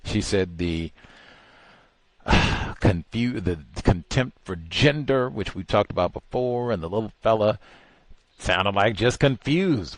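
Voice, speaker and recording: Slow, low-voiced man, incredulous commentary. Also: lively intonation, dry recording. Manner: exasperated, incredulous, swings from low mutters to high outbursts. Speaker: talk show host. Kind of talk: casual commentary on a call.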